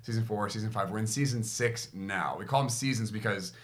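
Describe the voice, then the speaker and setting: A man's voice: on the low side, fairly quick. A man hosting a podcast, telling a story in casual chat and acting out what he said back then. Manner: animated, acts out his own past lines in quotes. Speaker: podcast host.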